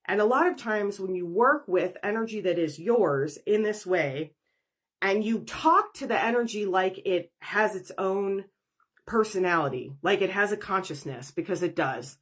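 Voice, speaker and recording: A woman's voice: mid-range voice, expressive, moderate pace. A woman, a professional energy worker, talking through a spiritual podcast monologue in a conversational way, acting out inner dialogues.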